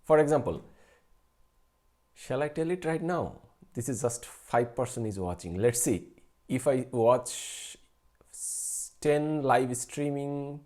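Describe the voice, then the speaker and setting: This is a young man in his late twenties hosting his own math live stream. He answers viewers casually in a relaxed, dark-toned voice. His speech is hesitant and full of fillers, false starts and little chuckles. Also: medium pitch, slow. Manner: hesitant, many fillers and restarts, chuckles often. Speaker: math channel host.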